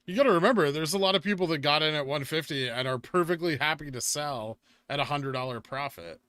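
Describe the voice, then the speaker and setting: Hosting a live trading stream and answering questions from chat, this Californian-accented man talks casually and fast. His fairly high voice is a bit bright, clear, and resonant, with no echo.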